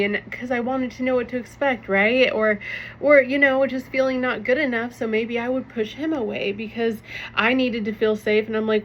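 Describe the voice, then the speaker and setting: Young woman, kinda high voice, earnest heart to heart vlog talk, lots of "like", bit muffled audio. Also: steady tone, unhurried. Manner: earnest, frequent "like" and "right?". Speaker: vlogger sharing personal healing story. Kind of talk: casual heartfelt talk to camera.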